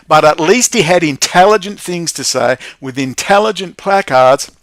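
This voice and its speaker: A man hosting a livestream, ranting profanely to his viewers and swinging between muttering and shouting. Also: on the high side, no echo. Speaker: livestream host.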